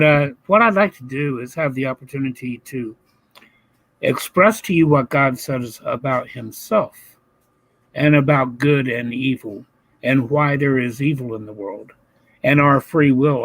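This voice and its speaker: A man calling into a podcast, speaking earnestly and deliberately. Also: mid-range voice, creaky, fairly bright tone, slightly rough, no room sound, rough recording. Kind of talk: earnest invitation.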